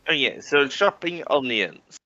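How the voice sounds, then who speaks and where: Slow, gravelly man on a muffled mic. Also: lowish voice, sing-song, pushed and bright. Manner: hesitant, lots of uh and pauses. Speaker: player. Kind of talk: tabletop role-play.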